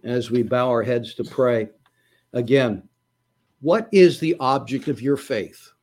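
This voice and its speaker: A man's voice: medium pitch, slow pace, darkish tone. A man preaching a sermon in an earnest, emphatic way, rising at times to bursts of intensity.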